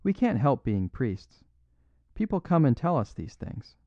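A man voicing a modest little priest who explains things simply and with gentle apology. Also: medium pitch, sing-song, unhurried, no room sound, dull audio, voice pushed up. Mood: mild apologetic.

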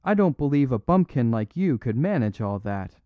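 A man's voice: mid-range voice, big pitch swings, moderate pace, no echo, narrow, tinny audio, voice pushed up, natural voice. A man voicing a bold master thief who talks with intense, threatening bluster. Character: bold, swaggering master thief, forceful and menacing.

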